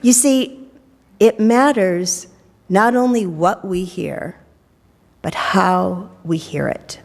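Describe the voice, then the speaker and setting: A large hall's long reverb surrounds a middle-aged woman minister preaching in a church sanctuary during worship. Her voice is medium-pitched and gravelly, she takes her time, and her manner is playful, with joking asides.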